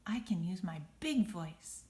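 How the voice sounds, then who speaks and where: A woman's voice: fairly low pitch, lively intonation, unhurried, mellow. A woman voicing a small, timid female earthworm who speaks firmly but small.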